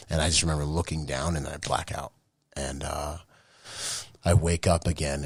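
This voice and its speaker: A man with an extremely deep, gravelly voice tells a personal story. His tone is husky and raw, heard up close in a dry space. He surges with emotion and often restarts his sentences. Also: no room sound. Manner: emotional, animated retelling with many restarts. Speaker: podcast guest, Marine veteran. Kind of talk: casual storytelling.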